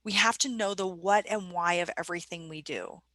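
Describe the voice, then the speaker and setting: Bright-voiced woman leading a training webinar. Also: fairly low pitch, fairly quick, no echo. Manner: conversational, asks the audience questions.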